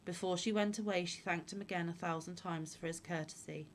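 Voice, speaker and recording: A woman reading old fairy tales aloud in a calm, measured way. Her voice sits on the low side, steady and unhurried. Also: slight background noise. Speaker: storyteller. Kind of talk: fairy-tale read-aloud.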